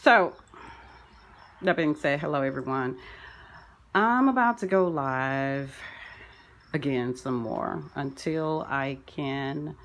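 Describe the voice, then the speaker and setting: A woman's voice: a bass voice, slow, long pauses, a little hiss or hum. A woman vlogging from home, rambling through a preachy spiritual monologue full of folksy sayings.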